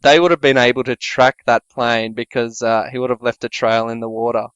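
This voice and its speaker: A man co-hosting a podcast, trading crude, deadpan jokes in casual comedy banter. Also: a little fast, smooth, no echo, dull audio. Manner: crude, deadpan banter with sudden jumps in pitch. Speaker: podcast co-host.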